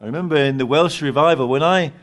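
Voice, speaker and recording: An older man preaching a sermon, swinging from loud emphatic lines to quiet asides. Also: on the high side, fast talker. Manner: animated preaching, rising loud on key words, dropping to quiet asides.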